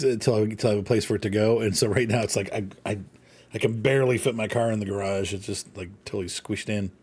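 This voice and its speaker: A man's voice: on the low side, darkish tone. A man casually commenting while he plays a farming game, rambling, joking and talking to himself. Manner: rambling, playful, jokey asides. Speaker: gaming channel host.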